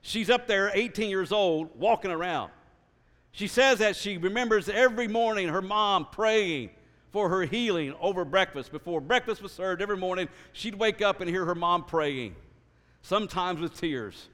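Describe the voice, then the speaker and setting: A man sharing his personal testimony. He tells it earnestly and in an animated way, often restarting his sentences. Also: sits high, normal speed. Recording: reverberant hall.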